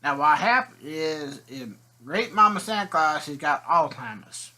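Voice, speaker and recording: A man's voice: on the high side, expressive, unhurried, sharp tone. A man telling a rambling, folksy comic story as a video host.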